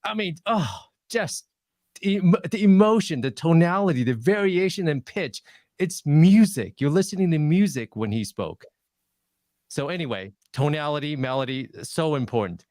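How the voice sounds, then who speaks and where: This guest presenter covers public speaking in a webinar, talking at a normal speed. The studio sound is clean with no room noise, and he coaches emphatically, his pitch shifting in lively ways.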